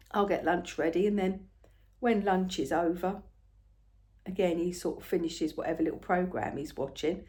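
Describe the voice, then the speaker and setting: An older woman, telling a rambling everyday story in a casual, chatty way, often soft and murmured. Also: mid-range voice. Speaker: craft vlogger.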